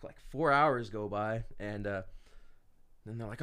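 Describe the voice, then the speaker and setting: A man casually telling a story as a podcast guest, animated, swearing and full of fillers. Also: on the low side, measured pace, smooth.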